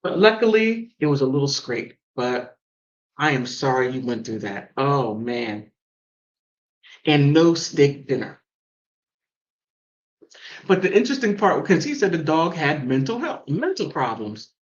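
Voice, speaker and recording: A woman from the mountains hosting a call-in show and telling stories in a casual, animated way. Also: unhurried, pauses often, dull audio. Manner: animated storytelling with big pitch swings. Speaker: host. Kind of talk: casual chat.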